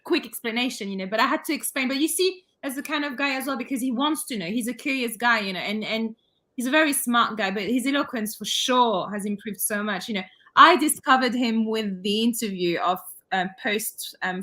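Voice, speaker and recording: A woman co-hosting a podcast, talking in a casual, animated way with quick bursts. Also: on the high side. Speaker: podcast co-host. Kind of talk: casual chat.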